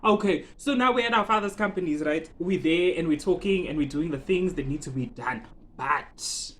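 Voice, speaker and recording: A vlogger giving a casual, animated recap, dramatic and full of laughter and rhetorical questions. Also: mid-range voice, moderate pace.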